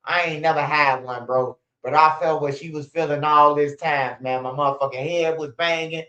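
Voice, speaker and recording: A man's voice: a little high, steady tone, normal speed, sharp tone. A man in his forties telling rambling, profane stories on a livestream, with many restarts and laughs. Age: 40s. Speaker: channel host. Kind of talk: casual livestream storytelling. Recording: roomy, dull lo-fi stream audio.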